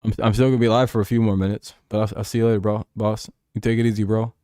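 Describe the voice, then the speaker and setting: This livestream host, a young man, banters through a football game, cracking jokes, cursing and laughing frequently. His lowish, warm voice stays level in tone but moves very fast. The audio is studio quality with no room sound.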